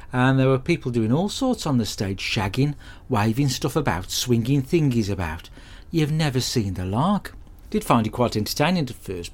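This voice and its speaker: An actor playing a hapless, crude bloke who rambles through a comic monologue in a deadpan, sweary way. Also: male voice, medium pitch, close to an everyday voice. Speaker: comedy podcast character host.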